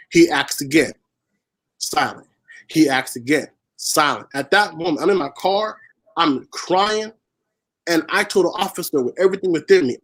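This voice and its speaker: Poor audio carries a man's voice that sits on the high side, with a fairly bright tone and normal speed. He is a Haitian-born spoken word poet who grew up in Washington State, earnestly sharing a personal story in an interview and repeating phrases to drive points home.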